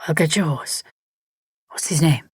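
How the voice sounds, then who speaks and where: A woman doing a gruff, low-voiced angry man. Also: a little slow, no room sound, studio quality, full character voice. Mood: gruff, gentler. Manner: terse, growled through clenched teeth. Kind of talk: audiobook character voice.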